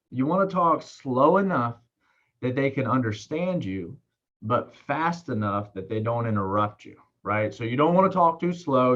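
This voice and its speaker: A man talks quickly and casually, coaching a sales team. He repeats himself and tags his points with "right?". The audio sounds a little dull and lo-fi. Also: medium pitch, fairly bright tone. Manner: fast, repetitive, keeps asking "right?". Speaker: sales trainer.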